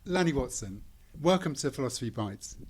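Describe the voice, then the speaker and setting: A man's voice: medium pitch, lively intonation, brisk, a little mellow, slight background noise. A man co-hosting a philosophy podcast, asking probing, dryly humorous questions. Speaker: podcast co-host interviewer. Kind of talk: interview conversation.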